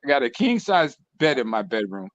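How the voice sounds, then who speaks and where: A man telling lively stories in a casual online group chat. He swears freely, laughs a lot and mimics the lines of other people. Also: mid-range voice, a little fast, no room sound, dull audio. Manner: animated storyteller, profane, mimics others' lines, laughs often. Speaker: channel host telling stories to co-hosts.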